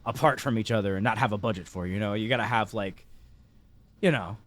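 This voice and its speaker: A man's voice: on the low side, a little fast, dry recording. A man from Britain chatting on a podcast, rambling and swearing heavily. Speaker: podcast co-host. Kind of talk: casual chat.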